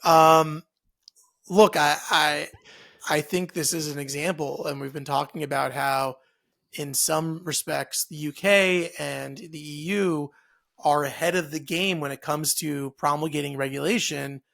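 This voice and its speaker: A male podcast co-host with a somewhat high voice and a steady gravelly fry talks casually about the news, a little slowly. Loose and chatty, he thinks aloud, circling back with lots of fillers, restarts, and self-corrections.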